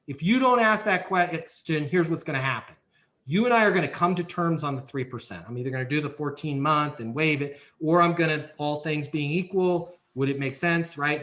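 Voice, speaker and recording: Fairly high, bright and forceful, this man's voice carries his emphatic coaching as a podcast guest. He walks through leasing sales steps in a hands-on way, performing role-play examples along the way.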